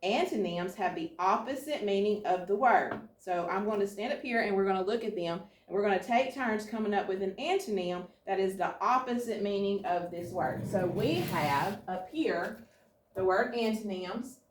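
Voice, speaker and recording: A woman teacher leading a class through slow, deliberate phonics drills and a vocabulary lesson. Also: medium pitch. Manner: slow, deliberate drilling of words and letter sounds. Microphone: camera set up across the room. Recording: echoey classroom, recorded from a distance.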